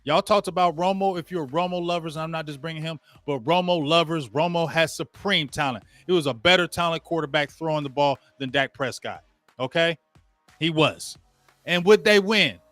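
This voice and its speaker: Man, sports show host, ranting watch-along, slangy, talks to viewers, higher voice, dry close sound. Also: normal speed, sharp tone, no echo, soft background music. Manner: ranting, addresses viewers directly; casual slangy talk. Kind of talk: live play-by-play rant while watching a game.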